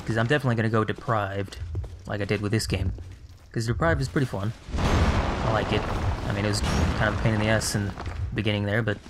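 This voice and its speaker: A man with a fairly low voice talks through his game session in a loose, offhand way. He mutters asides and sarcastic remarks to himself as he plays. A steady noise sits under the recording. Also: quick pace, long pauses. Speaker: gameplay commentator. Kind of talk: casual let's-play commentary.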